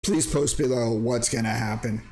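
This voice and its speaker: A goofy man rambles through a casual crypto-mining screen-share. His pitch sits in the middle range, and a faint hiss runs under the recording. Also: moderate pace, darkish tone. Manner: goofy, rambling, breaks into silly sing-song bits.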